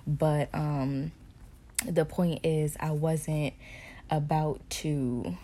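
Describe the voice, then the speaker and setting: A woman hosting a podcast, telling a personal faith story to her listeners in an animated way with hushed asides. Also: low voice, extremely slow. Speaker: podcast host sharing motherhood stories.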